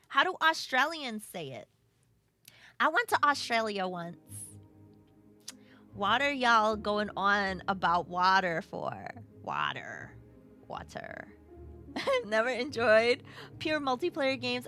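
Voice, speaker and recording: A woman with a New York accent streams a game and chats with her viewers, her voice bright and sharp, swooping high and low in a playful, bouncy way. Soft game music plays faintly underneath. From Brooklyn. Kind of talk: casual live-stream chat, reading chat aloud.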